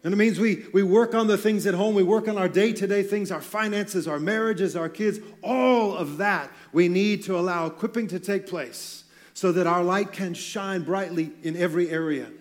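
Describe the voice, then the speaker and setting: A man's voice: sits high, normal speed, hardly any pauses. A man preaching a sermon on stage in a church, talking in a loose, conversational way with joking asides. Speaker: pastor.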